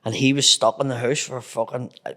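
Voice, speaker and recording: A man's voice: medium pitch, level tone, brisk, bright, forceful tone. A man with a Belfast accent, a comedian guest telling swear-laden stories in casual chat. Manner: swears constantly, acts out voices in anecdotes.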